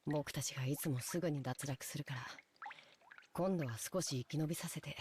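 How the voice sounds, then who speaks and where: A voice actor playing a gloomy, cynical teenage boy servant in a visual novel, speaking in a bitter, resigned tone with quiet mockery. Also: mid-range voice, very fast, background noise, close to an everyday voice.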